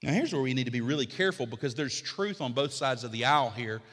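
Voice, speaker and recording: A middle-aged man preaching a sermon as pastor, building to emphatic repeated lines, then easing into quiet, conversational teaching. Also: medium pitch, animated, quick pace, in a large hall.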